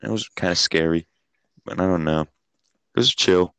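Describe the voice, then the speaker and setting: Laid-back deep-voiced young man. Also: normal speed, fairly bright tone, smooth, dry recording. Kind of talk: casual chat.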